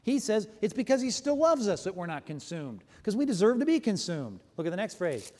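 A man preaching a sermon as a pastor, animated and emphatic, often stopping to correct himself. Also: high-pitched, fairly quick, few pauses, in a large hall.

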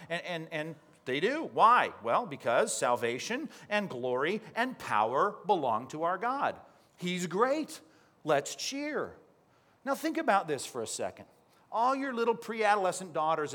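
A male pastor preaching a sermon, lively and teaching, often putting questions to the congregation. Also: a little high.

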